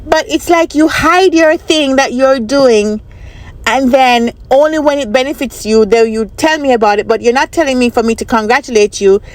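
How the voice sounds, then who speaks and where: A woman talks straight to her viewers, telling a personal story in a loose, chatty way. She circles back over her points and asks the audience for their opinion. Her voice sits a little on the high side. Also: normal speed, no room sound. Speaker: vlogger and business analyst trainer. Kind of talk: casual storytelling to camera.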